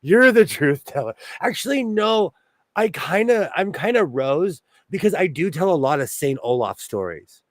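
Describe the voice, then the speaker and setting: A man hosting a sewing livestream, chatting casually and quickly while he works, talking out of the sides of his mouth. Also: sits high, no room sound. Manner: fast-talking, animated, self-deprecating.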